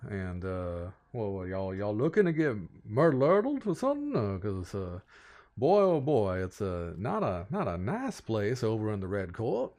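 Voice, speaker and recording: A man voicing an older, bald, showy male city lord in a tabletop game, with a loud, grandly polite, folksy put-on Southern drawl. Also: on the low side, wildly swooping pitch, a little slow, exaggerated voice. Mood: probing.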